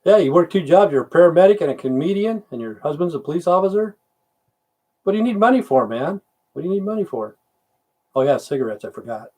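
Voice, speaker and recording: A middle-aged veteran reads viewer comments on a casual livestream and answers with profane, rambling grumbles. He speaks animatedly and quickly, in a fairly high voice with a darkish tone.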